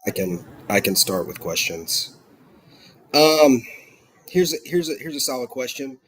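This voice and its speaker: A man's voice: medium pitch, sing-song, a little slow, a bit bright, low-quality recording. A man with a South Georgia accent, a guest on a casual podcast, speaking in a friendly, chatty way with lots of fillers. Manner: friendly, chatty, laughs between phrases, many fillers. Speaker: guest, lawn care consultant.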